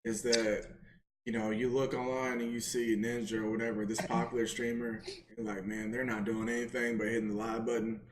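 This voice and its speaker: A man's voice: fairly quick, crowd noise. A man co-hosting a casual podcast, talking emphatically and repeating phrases for effect. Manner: emphatic, repeats phrases, animated pitch jumps. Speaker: podcast co-host. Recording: roomy echo.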